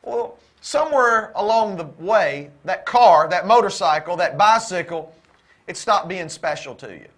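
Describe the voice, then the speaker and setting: A high-pitched man preaching about marriage with rising fervor, repeating phrases and pushing toward near-shouts. His voice sits well above the usual male range, and his delivery swings between quick runs and slow, stressed words. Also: animated. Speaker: co-host of a Christian marriage show. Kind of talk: preaching-style talk.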